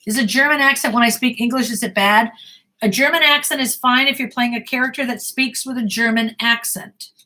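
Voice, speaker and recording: A woman's voice: on the high side, fairly even intonation, a little fast, sharp tone. A middle-aged woman acting coach answering viewer questions in a blunt, emphatic way, often repeating herself.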